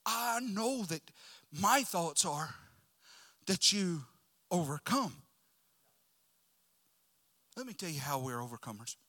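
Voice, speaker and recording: A male preacher delivering a sermon, shifting from loud shouts to hushed whispers as he tells the story. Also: sits high, sing-song, takes it slowly, long pauses.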